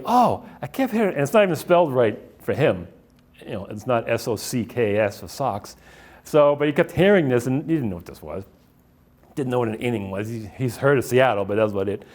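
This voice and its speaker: Middle-aged guy rambling thru a slideshow talk, lots of uhs and ums, regular pitch. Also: a little mellow. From Boston area. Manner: rambling, anecdotal, many fillers and restarts. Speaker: author giving a library talk.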